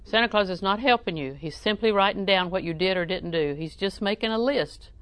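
Speaking at a medium pitch and a brisk pace, a middle-aged woman preaches with homespun humor. She chuckles frequently and breaks into loud, theatrical exclamations.

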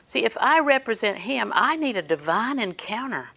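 Older woman, gravelly voice, earnest sermon, scripture quotes. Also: on the high side, sing-song, normal speed, pushed and bright. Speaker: preacher.

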